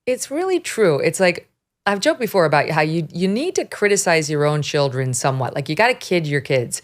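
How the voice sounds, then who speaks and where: A woman in her fifties hosting a talk show, blunt and animated, laughing often as she chats. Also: low voice, brisk. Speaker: podcast host. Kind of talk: opinionated talk show chat.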